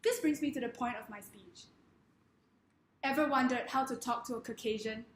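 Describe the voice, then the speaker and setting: A young woman with a Singaporean accent gives a humorous talk in a playful, mock-grandiose manner, laughing between lines. Her voice sits a little high and moves at a moderate pace, with a slight hiss or hum. The room is echoey.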